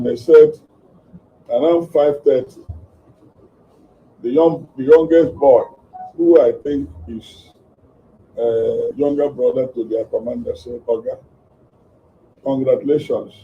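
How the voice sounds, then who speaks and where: A man giving a halting spoken testimony, often quoting what others said. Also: medium pitch. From southeastern Nigeria. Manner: halting, many fillers and restarts, quotes dialogue. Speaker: witness recounting a kidnapping. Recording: dull distant recording with faint background noise.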